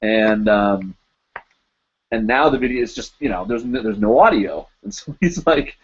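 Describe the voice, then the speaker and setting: A man's voice: lowish voice, moderate pace, slightly rough, lo-fi sound. A man hosting a live stream, casually chatting and reading out viewer comments in a rambling, self-deprecating way.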